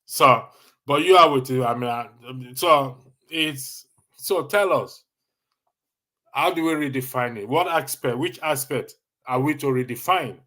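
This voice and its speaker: A man with a Nigerian accent hosting a casual livestream, answering chat comments and chuckling often in a teasing, animated way. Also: on the high side, measured pace. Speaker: livestream host.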